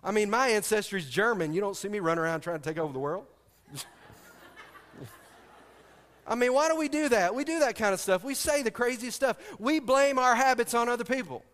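Male pastor, middle-aged, high voice, storytelling sermon, quips to the crowd, long church reverb. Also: lively intonation, fairly quick, long pauses, fairly bright tone. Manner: storytelling, asks the congregation questions, joking asides.

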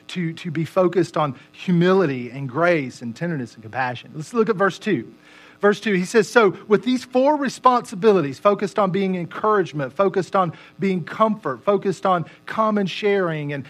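A man's voice: high voice, a bit bright. A middle-aged man, preaching a sermon in a conversational, self-deprecating and joking way. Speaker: pastor.

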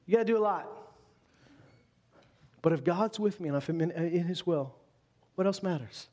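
Animated male pastor preaching conversationally. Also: high-pitched. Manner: conversational, animated, quick asides. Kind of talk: sermon.

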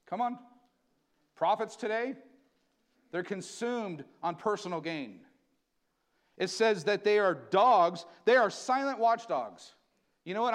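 High-voiced man preaching a fiery sermon. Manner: preaching, building to loud emphatic bursts; slows to read scripture aloud. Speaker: pastor. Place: church sanctuary.

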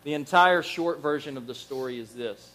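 A man preaching a Bible lesson, telling the stories in a lively, animated way and acting out the figures he quotes. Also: mid-range voice, normal speed. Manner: animated storyteller, acts out quoted voices, chuckles. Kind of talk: Bible teaching sermon.

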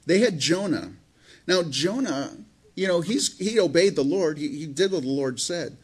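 A man's voice: fairly high pitch, animated, normal speed, husky. A man, a pastor, preaching a sermon in a conversational, rambling way full of restarts and fillers.

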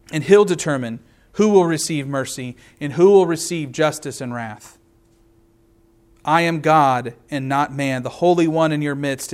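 Earnest male pastor preaching. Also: a little high. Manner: reads scripture aloud and explains it verse by verse; earnest, slows down to stress key words. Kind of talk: sermon.

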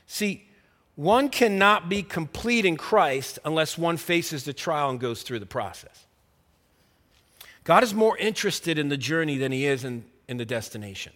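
A middle-aged man preaching a sermon, telling a story with acted-out dialogue and building to loud, emphatic preaching. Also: medium pitch, long reverb tail. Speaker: pastor.

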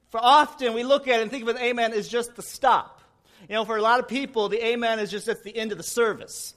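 High-voiced male pastor preaching. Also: quick pace, fairly bright tone. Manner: folksy, joking storyteller. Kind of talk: sermon.

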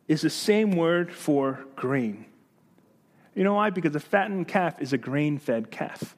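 Man pastor, high-pitched voice, lively sermon delivery with rhetorical questions and light humor.

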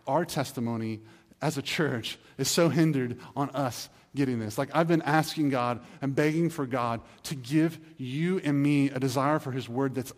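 Earnest pastor preaching in a reverberant hall. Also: male voice, medium pitch, a little mellow. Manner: earnest, pleading, conversational with acted asides. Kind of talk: sermon.

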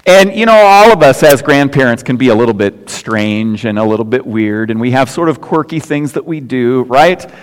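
A man's voice: mid-range voice, animated, moderate pace, few pauses, smooth. An older man preaching a sermon as pastor, telling folksy stories and jokes with casual asides. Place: church sanctuary. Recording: long hall reverb.

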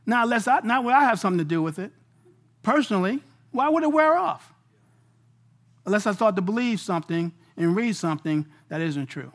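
Animated preacher man, swinging volume. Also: sits high, brisk. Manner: animated, swings between loud and hushed; casual slangy delivery. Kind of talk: sermon.

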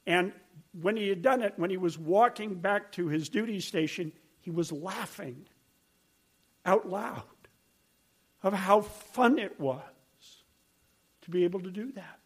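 A man's voice: sits high, measured pace, long pauses, slightly rough. An older man preaching a sermon, telling stories in an earnest, conversational way. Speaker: pastor.

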